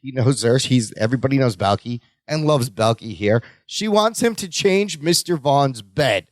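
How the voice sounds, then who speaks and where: A man's voice: medium pitch, normal speed, dry recording, clean studio sound. A man co-hosting a podcast, recapping a sitcom episode in casual chat and acting out the scenes. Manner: animated, laughs often, acts out lines from the show. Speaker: podcast co-host.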